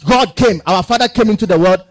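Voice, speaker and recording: Fervent high-voiced preacher. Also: male voice, brisk, poor audio. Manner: fervent preaching, swinging from shouted declarations to low asides. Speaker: pastor. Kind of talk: sermon. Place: church sanctuary.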